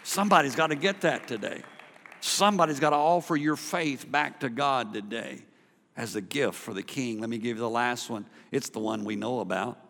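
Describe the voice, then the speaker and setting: Bright-voiced preacher in an echoing hall. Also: male voice, medium pitch, normal speed, a faint crowd. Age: middle-aged. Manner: animated, acts out quoted voices, rising to loud emphasis. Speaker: pastor. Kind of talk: sermon. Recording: long reverb of a large hall.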